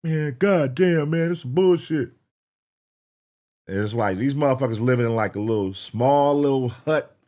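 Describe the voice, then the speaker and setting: A man's voice: medium pitch, a little slow, warm tone. A man hosting a reaction show, rambling casually and cursing as he talks to his chat.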